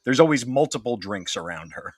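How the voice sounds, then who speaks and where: Lively-toned joking man, dry sound. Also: mid-range voice, brisk, no room sound. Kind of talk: casual chat.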